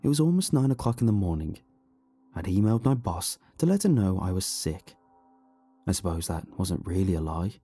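A man reading a horror story aloud in a slow, hushed, brooding way. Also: sits low, very animated, breathy edge, no room sound, faint music behind. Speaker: narrator. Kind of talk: scripted horror narration.

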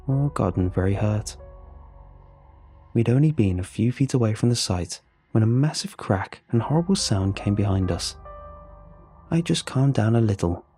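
A man narrating a first-person horror story, with steady, measured storytelling. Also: fairly low pitch. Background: faint music.

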